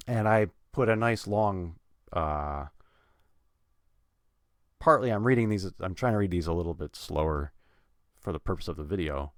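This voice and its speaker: A man teaching English pronunciation in a relaxed way, thinking aloud with fillers and repeating example sentences with stressed words stretched out. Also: low voice, moderate pace, no echo, studio quality. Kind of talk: relaxed instructional talk.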